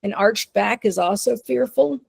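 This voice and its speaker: A woman's voice: mid-range voice, measured pace, creaky, a little mellow, slightly rough, dry recording. A woman giving an informal webinar presentation on dog behavior in a chatty, easygoing way, with frequent fillers and light laughs.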